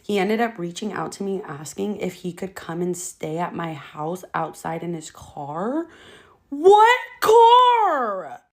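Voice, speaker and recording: A woman's voice: fairly low pitch, moderate pace, hardly any pauses, a little mellow. A young woman telling a casual storytime, blunt and exasperated, swearing freely.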